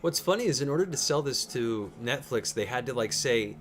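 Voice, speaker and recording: A man's voice: medium pitch, expressive, fairly quick, fairly bright tone. A man chatting casually while reacting to a show, enthusiastic and rambling, sometimes teasing his co-host. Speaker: reaction streamer.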